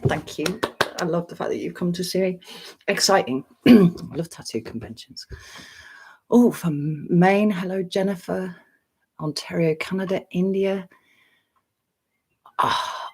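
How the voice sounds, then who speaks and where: A middle-aged English woman hosting a casual live stream, greeting viewers by name and clearing her throat often. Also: lowish voice, a little slow, a little mellow. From England.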